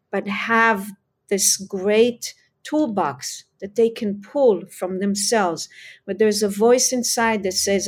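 A woman speaking as a parenting expert guest in an interview, explaining her ideas in an earnest, expressive way. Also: on the high side. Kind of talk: conversational interview.

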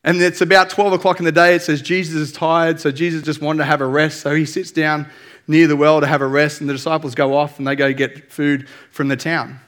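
A man's voice: on the high side, little pitch movement, fairly quick, a bit bright. A male pastor preaching a conversational sermon, telling stories in a candid, self-deprecating way.

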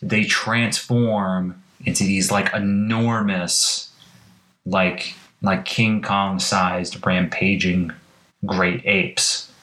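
A man's voice: low voice, flat delivery, drawn-out words, pushed and bright. A man in casual chat, recounting a story in a rambling, playful way full of filler words. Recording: echoey room.

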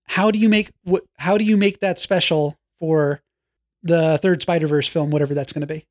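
A high-pitched man in his forties chatting casually on a podcast. He talks in an animated way, starting over mid-sentence and tossing off playful jabs. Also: normal speed. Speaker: podcast co-host. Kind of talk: casual chat.

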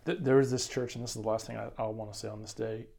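A man's voice: on the low side, little pitch movement, quick pace, creaky, a little mellow. A man co-hosting a Bible lesson commentary, telling a story with enthusiasm and frequent restarts in casual religious discussion.

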